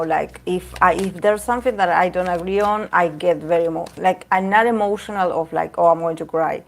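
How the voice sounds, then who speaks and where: A woman talking casually and candidly about herself, rambling with many fillers and restarts. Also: lowish voice. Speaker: tarot reader. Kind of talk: casual talk to camera.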